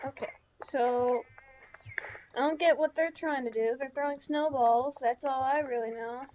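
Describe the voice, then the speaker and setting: High-voiced woman rambling through gameplay. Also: measured pace, lo-fi sound, slight background noise. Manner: rambling, chatty self-talk with many fillers. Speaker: gaming channel host. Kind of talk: let's-play commentary.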